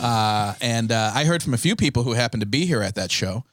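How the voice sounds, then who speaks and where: A man's voice: mid-range voice, lively intonation, fairly quick, a bit bright, soft background music. A man co-hosting a podcast from a comedy club, chatting casually, laughing often and explaining at length. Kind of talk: casual chat.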